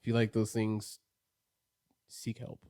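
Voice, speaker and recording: A young man co-hosting a casual podcast, laid-back, swearing casually and trailing off quietly mid-sentence. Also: fairly low pitch, monotone, takes it slowly. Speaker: podcast co-host. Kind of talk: casual chat.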